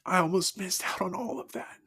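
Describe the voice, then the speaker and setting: A man sharing his personal faith testimony in an earnest, emotional, halting way. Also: high voice, gravelly, bright, forceful tone, husky.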